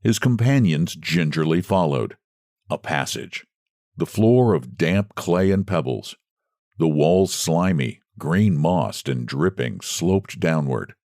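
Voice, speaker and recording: A man narrating a classic short story with expressive storytelling delivery, close to the mic. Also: low-pitched, takes it slowly, no echo.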